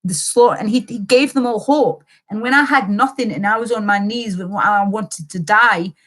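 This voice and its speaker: A woman's voice: mid-range voice, moderate pace, a bit bright. A young woman livestreaming, reading chat comments and rambling in an impassioned way, swearing casually.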